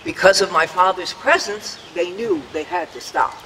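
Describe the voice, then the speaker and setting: An older man delivers a prepared, earnest speech outdoors at a public memorial dedication, reminiscing about the past and acting out the voices of those he quotes. His voice is high-pitched and sharp, at a moderate pace. The poor audio carries a big-room sound with a little hiss or hum.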